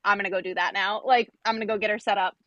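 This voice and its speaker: A woman's voice: medium pitch, very fast, dry recording, muffled recording. A young adult woman, a podcast guest, telling a workplace story in casual chat, acting out quoted dialogue with lots of fillers. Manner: animated, acts out quoted dialogue, many fillers.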